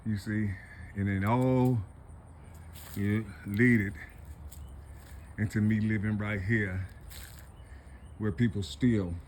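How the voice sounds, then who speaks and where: A man's voice: on the low side, steady tone, slow, pauses often, a little mellow, a little hiss or hum. A middle-aged man in a rambling, emotional monologue, profane and repetitive, turning tearful as he talks. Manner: rambling, repetitive, profane, full of "you see". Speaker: vlogger.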